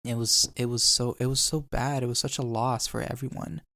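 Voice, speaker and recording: A man's voice: mid-range voice, fairly even intonation, fairly quick, vocal fry, fairly bright tone, no room sound. A young man hosting a podcast, telling an emotional story in casual chat and swearing now and then. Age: young adult. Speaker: podcast host.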